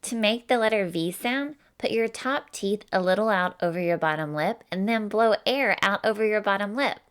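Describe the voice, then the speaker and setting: A woman's voice: mid-range voice, normal speed, smooth, lightly acted. A woman voicing a cheerful, folksy teacher, giving an encouraging, sing-song phonics lesson for children.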